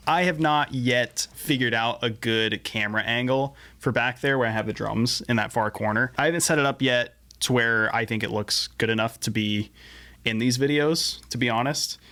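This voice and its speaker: A man's voice: medium pitch, moderate pace, bright, forceful tone. A man chatting casually through a song he is building in his home studio, laid-back and self-deprecating, sometimes tripping over his words. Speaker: musician making a song on camera. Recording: music playing behind the voice. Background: guitar and drum playback.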